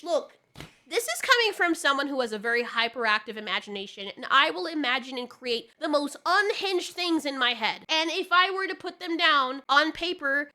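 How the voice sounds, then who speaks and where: Reviewing a TV finale, this video reviewer speaks in a high, bright, pushed voice. Her commentary is an exasperated, profanity-laced rant, broken by frequent sputtering and laughter.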